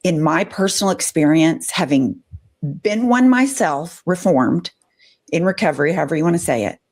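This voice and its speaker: A woman's voice: sits low, expressive, normal speed, darkish tone. A woman co-host giving emphatic, incredulous commentary on politics. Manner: incredulous, emphatic, rising disbelief.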